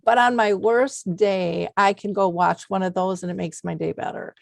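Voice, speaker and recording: A woman's voice: medium pitch, steady tone, normal speed, gravelly, no room sound. Earnest woman host, dry close sound. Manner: earnest, heartfelt storytelling, many fillers. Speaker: podcast host. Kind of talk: conversational interview.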